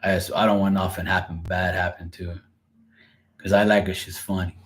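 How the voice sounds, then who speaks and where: A man with a lowish voice hosts a tarot reading livestream. He chats in a loose, profane way, jokes with his viewers, and laughs often. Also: flat delivery, fairly quick, a little hiss or hum. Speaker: tarot reader. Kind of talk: casual livestream chat.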